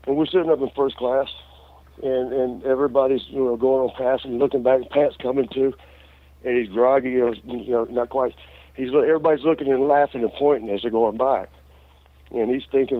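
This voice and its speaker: A man's voice: medium pitch, steady tone, a little fast. A middle-aged man, an interview guest telling a long story in a rambling, laughing way, full of fillers and restarts. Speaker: interview guest, former wrestler. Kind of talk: casual storytelling. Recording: lo-fi radio show audio.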